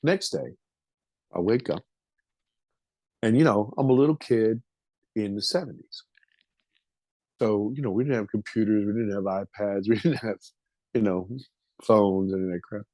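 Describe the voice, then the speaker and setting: A man's voice: lowish voice, measured pace, long pauses, warm tone, no room sound. A man in his fifties, a podcast guest, telling a personal story in a vivid, emotional, casual way with some swearing.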